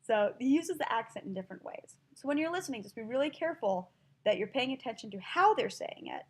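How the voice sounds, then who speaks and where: A woman teacher giving a listening lesson to language learners, explaining slowly and spelling words out letter by letter. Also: on the high side, lively intonation, slightly rough.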